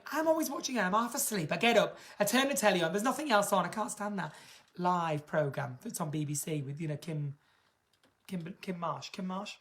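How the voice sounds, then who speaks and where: Woman, live-stream host, casual gossip, theatrical, animated pitch. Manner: camp, gossipy and theatrical, jumping into impressions.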